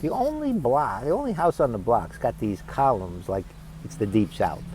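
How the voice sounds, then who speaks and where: A man, telling a funny personal story in a lively, salty, conversational way. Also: medium pitch, normal speed, noisy background. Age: 60s. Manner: animated, conversational, profane.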